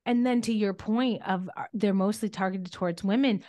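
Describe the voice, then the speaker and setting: A woman's voice: medium pitch, normal speed, mellow. A woman hosting a podcast, speaking enthusiastically with frequent restarts and fillers. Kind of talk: podcast conversation.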